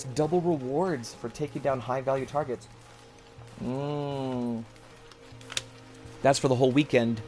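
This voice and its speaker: A male gamer streams from home, giving live commentary as he plays a video game. His medium-pitched, slightly mellow voice is unhurried with frequent pauses, and he rambles loosely, correcting himself. Soft music plays in the background.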